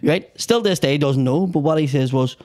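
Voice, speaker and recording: A man's voice: fairly high pitch, fairly quick. A man with a Belfast accent, a comedian telling stories as a guest on a casual podcast, swearing a lot and acting out the people in them. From Northern Ireland. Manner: animated, heavy swearing, acts out voices in stories.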